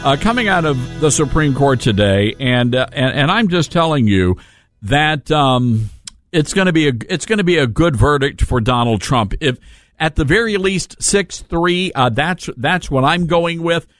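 This Southern radio host keeps the talk casual and jokey with his callers, folksy and prone to laughter. His fairly high voice is expressive, and the recording from the studio mic is dry and studio-quality.

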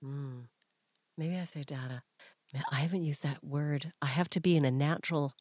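Animated Canadian comedian woman, dry sound. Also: deep voice, normal speed, dry recording. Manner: animated, joking, rambling. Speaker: podcast guest, comedian. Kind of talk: casual chat.

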